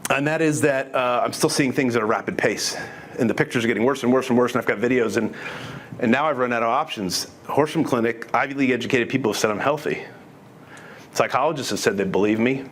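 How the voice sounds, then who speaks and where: A man's voice: mid-range voice, fast, a bit bright, a little hiss or hum. A middle-aged man telling his testimony to an audience in an earnest, conversational way, restarting sentences often. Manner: earnest, conversational, with many restarts and quoted dialogue. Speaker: speaker giving a testimony.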